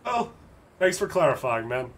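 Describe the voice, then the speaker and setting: A man's voice: medium pitch, very animated, normal speed, a bit bright, slight background noise. A man streaming a game, chatting casually and joking at the characters on screen. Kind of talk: casual gameplay commentary.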